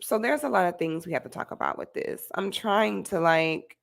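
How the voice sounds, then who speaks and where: A woman's voice: on the low side, lively intonation, normal speed, creaky. A woman hosting a reaction commentary, exclaiming dramatically and rambling with restarts in casual slang, speaking to her viewers. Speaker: host.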